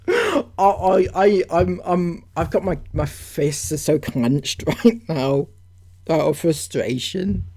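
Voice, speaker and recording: Exasperated woman with a lively voice. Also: lowish voice, slow, slightly rough. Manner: exasperated, swearing, breaking into laughter. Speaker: online commentator. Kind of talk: reaction commentary.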